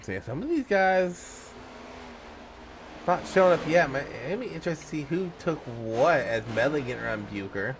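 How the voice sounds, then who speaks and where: A man's voice: fairly high pitch, expressive, normal speed, background noise. A man co-commentating a sim race in a casual style, laughing often and chiming in with race updates.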